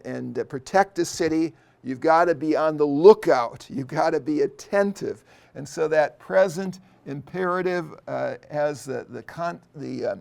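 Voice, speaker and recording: A middle-aged seminary professor explains a Bible passage in an unscripted lecture, pausing thoughtfully and often, with plenty of fillers and restarts. His voice is on the high side and gravelly.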